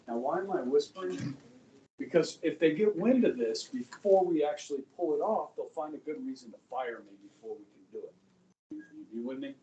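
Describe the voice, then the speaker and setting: A middle-aged man teaching a high school history class, chatting and joking, often checking in with his students. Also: expressive, moderate pace, dark tone, slight background noise. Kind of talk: classroom lecture. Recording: echoey classroom, voice from far off.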